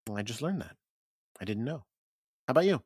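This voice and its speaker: A man from Connecticut co-hosting a podcast in casual chat, wry and animated, swearing casually. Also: medium pitch, fairly quick, breathy edge, dry recording, studio quality. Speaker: podcast co-host.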